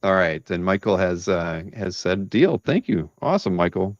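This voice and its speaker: A man's voice: low-pitched, very animated, normal speed, no room sound, highs cut off. A man hosting a live art-sale stream, chatting casually and rambling with many restarts.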